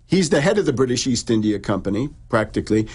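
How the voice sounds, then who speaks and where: A man's voice: mid-range voice, big pitch swings, a little mellow, slightly rough. A man explaining history at length in conversation, with frequent restarts and fillers. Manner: long halting explanations with many restarts. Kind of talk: lecturing conversation.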